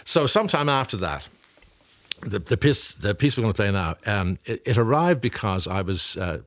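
A man's voice: lowish voice, very animated, moderate pace, a bit bright, dry recording, studio quality. A man reminiscing on a radio show, rambling through anecdotes with lots of fillers. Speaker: radio broadcaster telling stories. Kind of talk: casual radio chat.

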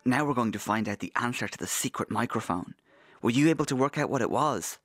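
A man's voice: mid-range voice, a little fast, soft background music. A man hosting a children's show, joking playfully and reading rhymes aloud. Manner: jokey, animated, reads rhymes aloud. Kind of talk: playful scripted presenting.

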